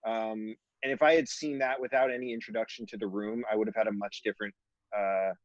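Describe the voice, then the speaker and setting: A man's voice: on the low side, steady tone, fairly quick, no echo, dull audio. A man co-hosting a podcast in casual chat, hesitant with many ums. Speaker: podcast co-host.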